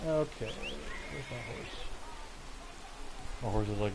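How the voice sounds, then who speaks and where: Talking slowly in a lower register, this man chats his way through a home game stream, wandering off topic and pausing now and then to fuss over his cat. His personal mic sits close, but the background is noisy.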